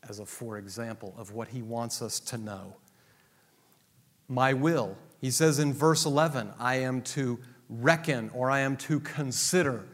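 A male pastor preaching a sermon, swinging between loud emphatic declarations and low asides. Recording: long reverb of a large hall.

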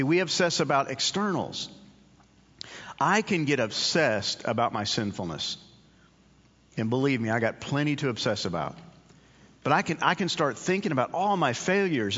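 A man's voice: fairly high pitch, expressive, normal speed, fairly bright tone, slightly rough. A man preaching a sermon in an earnest, conversational way, often repeating his key phrases. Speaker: pastor. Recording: dull audio with long hall reverb.

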